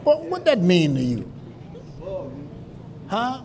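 A man pastor preaching a sermon in call-and-response style, breaking into shouts, in a church. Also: high-pitched, huge pitch swings, takes it slowly, a loud crowd. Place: church sanctuary. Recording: live church with congregation responding.

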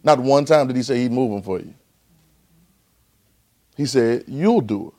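A man's voice: mid-range voice, a little slow, warm tone. A male pastor preaching a sermon, leading the congregation in call-and-response and often repeating and restarting phrases.

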